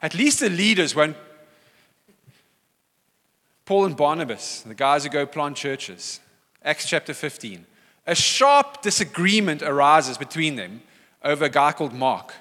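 Animated pastor preaching in an echoing hall. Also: male voice, on the high side, normal speed, pauses often. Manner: animated, acts out quoted voices. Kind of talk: sermon. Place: church hall.

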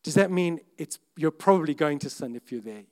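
A man preaching a sermon in an earnest, conversational way, breaking off to restart sentences and suddenly getting louder. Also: fairly high pitch, expressive, fairly quick. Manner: earnest, conversational, with self-interrupting restarts and sudden rises in volume. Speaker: pastor.

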